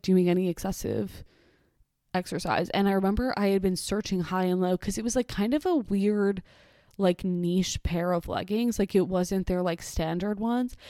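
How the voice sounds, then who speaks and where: Woman, podcast host, chatty, amused, mellow voice, dry close sound. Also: fairly low pitch, dry recording. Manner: chatty, filler-heavy, amused. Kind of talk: casual solo podcast chat.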